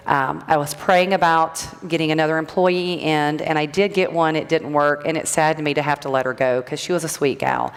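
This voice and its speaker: A middle-aged woman speaking casually to a live audience, chatty and rambling, often restarting her sentences. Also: low voice. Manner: rambling, chatty, self-interrupting storyteller. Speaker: graduate speaker, natural health practitioner. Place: event hall. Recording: long hall reverb.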